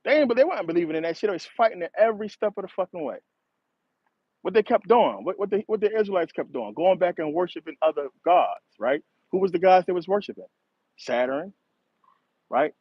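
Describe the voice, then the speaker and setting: Husky guy rambling and cussing, laughs a lot, dull lo-fi sound. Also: sits high, expressive, brisk, no echo. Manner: profane, rambling, laughs often. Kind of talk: casual monologue. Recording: dull, slightly lo-fi dry recording.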